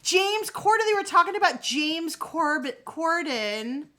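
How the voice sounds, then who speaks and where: A woman in a casual live-stream chat, talking straight to her viewers in an animated way and swearing freely. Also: very high-pitched, unhurried, faint music behind.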